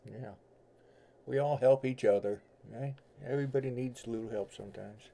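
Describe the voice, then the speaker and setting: A man's voice: mid-range voice, moderate pace, creaky, background noise. A middle-aged man with a blend of New York and Southern accent, chatting casually and rambling folksily as host of a tarot livestream from home. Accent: mix of New York and Southern US. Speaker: tarot reader and stream host. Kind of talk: casual livestream chat with viewers.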